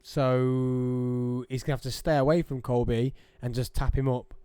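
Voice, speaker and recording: A man with a hoarse voice, chatting casually on a podcast, animated when telling stories. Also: mid-range voice, measured pace, no room sound. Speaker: podcast host. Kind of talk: casual chat.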